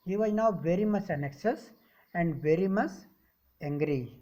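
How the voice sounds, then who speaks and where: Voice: mid-range voice, lively intonation, a little slow, warm tone, dull audio. A teacher with an Indian English accent explaining a story line by line, reading a passage and then restating it in simple words.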